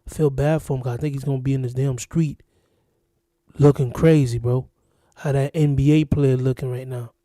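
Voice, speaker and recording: A man's voice: medium pitch, fairly even intonation, moderate pace, dark tone, no echo, studio quality. A man from Florida hosting a reaction video, rambling and repeating himself in casual commentary. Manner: rambling, repetitive, exasperated. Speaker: reaction channel host.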